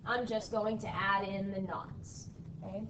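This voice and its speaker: A woman's voice: mid-range voice, flat delivery, measured pace. A woman teacher leading a math lesson in a classroom, drilling her students with call-and-response and a frequent "okay?". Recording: echoey room from far off, faint background noise.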